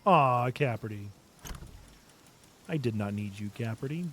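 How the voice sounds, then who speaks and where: A man streams a video game with a medium-pitched, a bit bright voice, expressive and measured, over slight background noise. His commentary is casual and playful as he reads chat and talks to the game's creatures.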